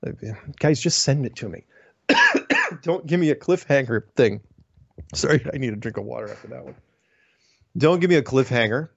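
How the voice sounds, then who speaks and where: A man hosting a solo show, reading listener emails and answering them in a wry, digressive way with puns and quick self-corrections. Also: mid-range voice, wildly swooping pitch, creaky, fairly bright tone, slightly rough, no echo, muffled recording. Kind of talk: casual solo commentary.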